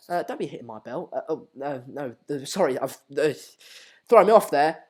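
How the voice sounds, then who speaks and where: A man's voice: medium pitch, lively intonation, moderate pace, darkish tone. A young man hosting a live-stream football watchalong, chatting casually and reading viewer comments with plenty of ums and uhs. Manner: chatty, reads out viewer comments with lots of fillers.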